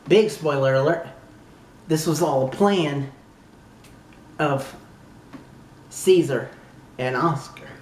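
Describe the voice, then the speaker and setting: A young man from the southern United States talking casually as a YouTube reviewer, gushing and exclaiming like an excited fan who swears freely. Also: mid-range voice, slight background noise. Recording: echoey room.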